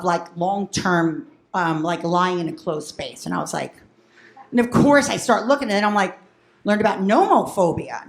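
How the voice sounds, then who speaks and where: A woman doing a brash, profane stand-up set, acting out her family. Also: a little high. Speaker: stand-up comedian. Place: comedy club. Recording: echoey club room.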